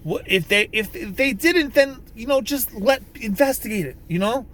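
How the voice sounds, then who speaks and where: Inside a vehicle, a man records a casual political vlog rant, full of restarts, profanity, and emphatic outbursts. His voice is very high, expressive, and a bit bright, at a normal speed.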